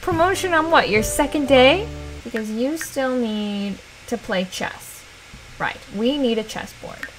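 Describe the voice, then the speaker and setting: A woman's voice: high voice, lively intonation, measured pace, music in the background, rough recording. A woman hosting a casual let's play, animatedly talking to her game character and reading game text aloud.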